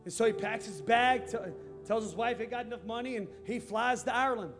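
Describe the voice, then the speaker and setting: A man preaches in a church, his voice sitting high. He tells his story quietly at first, then swells into emphatic shouts. Music plays clearly under his sermon. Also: brisk. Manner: builds from hushed to shouted, emphatic. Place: church sanctuary.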